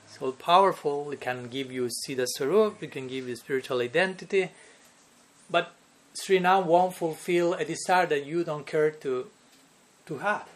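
A man's voice: fairly high pitch, moderate pace. A man teaching a devotional lecture, who often chuckles and keeps asking his listeners "no?" and "okay?". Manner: chuckles often between points. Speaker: spiritual teacher.

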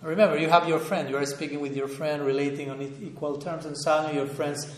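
Softly chuckling man teaching in a roomy hall. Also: on the high side, level tone, fast talker. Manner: thoughtful, chuckles often, searches for words. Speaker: spiritual teacher. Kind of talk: relaxed scripture class talk. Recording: roomy echo, faint room ambience.

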